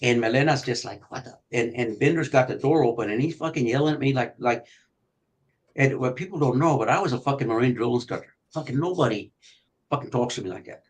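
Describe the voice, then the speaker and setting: Profane, animated older man telling cop stories. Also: medium pitch, fast, rough recording. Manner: profane, animated storyteller who acts out shouting. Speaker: retired detective telling police stories. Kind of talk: storytelling on a podcast.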